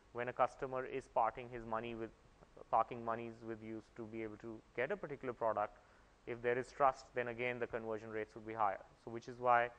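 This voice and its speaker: A man's voice: medium pitch, fairly bright tone, lo-fi sound. A man speaking at a conference, explaining at length and often restarting his phrases. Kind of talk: conference talk. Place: conference hall. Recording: echoey conference hall.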